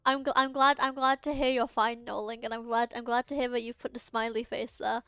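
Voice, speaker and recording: A woman's voice: on the high side, flat delivery, a little fast, bright, forceful tone, clean tone, dry recording. A young woman streaming a game, chatting casually with her viewers. She rambles and restarts her sentences often. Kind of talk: casual live-stream chat.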